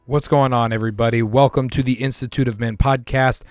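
A man hosting a podcast in a casual, earnest monologue, his voice hoarse from a week of coughing, with throat-clearing and small restarts. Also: mid-range voice, steady tone, brisk, a little mellow, dry recording, soft background music. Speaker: podcast host.

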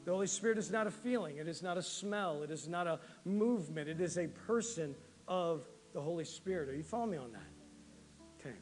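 A man pastor preaching a sermon in an animated, conversational way, often checking in with the congregation. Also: fairly high pitch, brisk, big-room sound, faint music behind. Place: church sanctuary.

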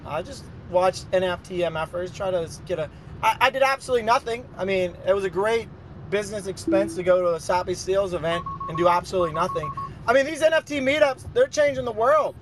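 High-voiced man hosting a joking chat. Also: brisk, slight background noise, poor audio. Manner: joking, sarcastic. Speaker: host. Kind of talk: casual chat on a live audio stage.

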